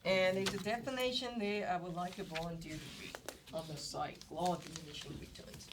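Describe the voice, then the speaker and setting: A woman's voice: fairly low pitch, steady tone, brisk. A woman instructor giving a classroom economics lecture, explaining step by step and asking rhetorical questions. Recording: distant mic with noise and clicks.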